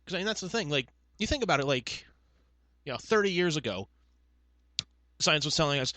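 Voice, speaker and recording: Lively, bright-voiced joking podcast man. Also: fairly high pitch, a little fast, pauses often, dry recording. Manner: joking, rambling comic tangents. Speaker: podcast co-host. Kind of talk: casual podcast chat.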